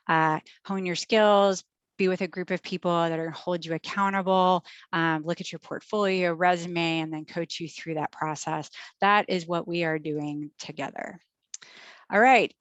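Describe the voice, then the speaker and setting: A woman running a livestreamed panel on a video call, talking in an upbeat, chatty way with plenty of fillers. Her voice sits a little low for a woman. The sound is dry and close, with no room echo. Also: a bit bright. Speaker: host and moderator.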